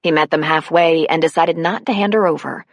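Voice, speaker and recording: A woman with a notably low voice reads a novel aloud at a steady, unhurried pace. Her narration is recorded close and dry, with no room sound at all. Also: no echo. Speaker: audiobook narrator. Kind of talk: scripted narration.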